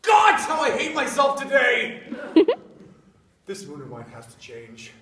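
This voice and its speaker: A young man playing a tormented, guilt-ridden married man who talks in a brooding, bitterly ironic way, swinging from hushed tones to outbursts, in a stage scene. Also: mid-range voice, expressive, slow pace. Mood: self-mocking. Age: young adult. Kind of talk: stage acting. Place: stage in a theatre. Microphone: far camera. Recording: echoey room from far off, faint noise.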